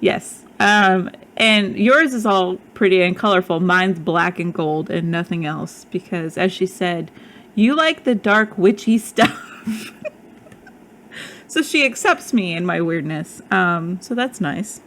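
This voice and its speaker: Slow-talking mom with a lisp. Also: female voice, lowish voice, a bit bright, a little hiss or hum. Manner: chatty, laughs often. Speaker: podcast co-host. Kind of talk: casual chat.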